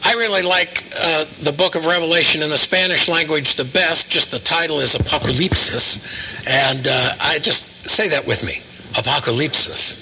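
Bright-voiced older man preaching. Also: a little high, normal speed, hardly any pauses, a little hiss or hum, poor audio. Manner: folksy storytelling with asides and repeated phrases. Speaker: pastor. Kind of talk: sermon.

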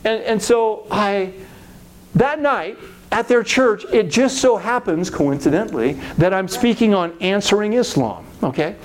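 Speaking in a high-pitched, unhurried voice, this middle-aged male pastor animatedly recounts his own faith journey. He performs the voices of those he quotes.

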